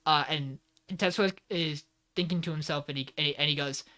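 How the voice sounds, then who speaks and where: Bright-voiced casual male podcaster. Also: on the high side, steady tone, brisk. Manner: casual and profane, full of filler words, acts out quoted lines. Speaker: podcast co-host. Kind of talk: casual podcast chat recapping an anime episode.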